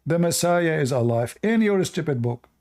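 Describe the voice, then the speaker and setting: A man's voice: fairly high pitch, expressive, moderate pace, a little mellow. A man hosting a live call-in debate, mocking and scornful toward the caller. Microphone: online call.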